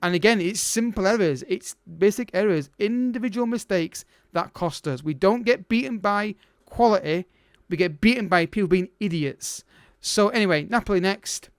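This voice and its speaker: A man's voice: sits high, moderate pace, clean tone, no room sound, clean studio sound. A man commentating his own game as a let's play host, exasperated and urgent, calling out to the players.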